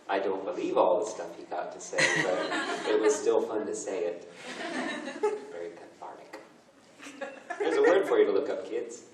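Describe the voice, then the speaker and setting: A man's voice: fairly low pitch, huge pitch swings, unhurried, long pauses. A man in his thirties, a voice actor answering fan questions at a convention panel, self-deprecating and joking. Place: large convention hall. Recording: echoey hall from far off, noisy.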